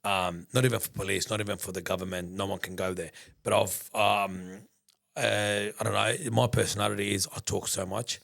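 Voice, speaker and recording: A man telling a story in a casual interview, rambling and animated, acting out conversations and swearing freely. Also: fairly low pitch, normal speed, gravelly. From Australia. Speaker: business founder, guest.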